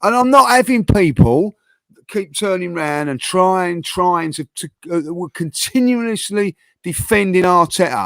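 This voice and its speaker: A man's voice: high voice, measured pace, dry recording. A man hosting a casual football debate with his co-hosts, talking passionately and full of fillers and restarts. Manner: passionate, animated, heavy use of fillers and restarts. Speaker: host of a football fan channel.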